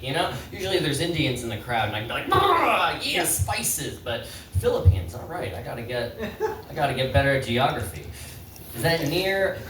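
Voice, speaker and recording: A man doing a stand-up set in a pub, rambling and halting in a self-deprecating way. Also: fairly high pitch, big pitch swings, a bit bright, slight background noise. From Canada. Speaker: stand-up comedian. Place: pub comedy stage. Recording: roomy pub, distant mic, crowd laughter. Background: audience laughter.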